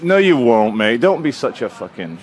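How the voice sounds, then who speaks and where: A man filming himself outdoors on a city street, talking in a calm, sardonic, unbothered way as he gives casual commentary to the camera. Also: mid-range voice, normal speed, some chatter behind. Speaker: vlogger filming in public.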